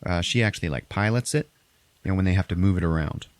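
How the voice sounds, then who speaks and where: A man hosts a podcast, retelling a movie plot in loose, profane chat and briefly acting out characters in exaggerated high voices. His voice sits low. The sound is dry and close, with no room around it. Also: fast, no room sound. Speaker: podcast host recapping a movie. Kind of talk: casual chat.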